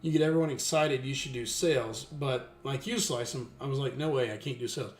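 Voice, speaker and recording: A man's voice: mid-range voice, brisk. Rambling man telling a story in an echoey room. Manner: rambling with many restarts, animated when quoting others. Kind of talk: casual storytelling chat. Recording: echoey room with faint music.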